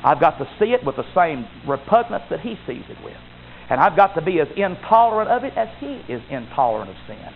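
A man preaching a sermon with emphatic delivery, rising to loud exclamations and dropping to low asides. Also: big pitch swings, brisk, gravelly. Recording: tinny phone-like sound with faint noise.

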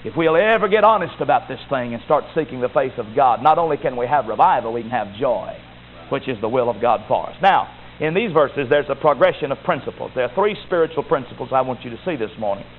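A man's voice: medium pitch, expressive, quick pace. A man preaching a sermon as a Baptist pastor, emphatic and repetitive, building to rising exhortations. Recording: tinny phone-like recording with faint hiss.

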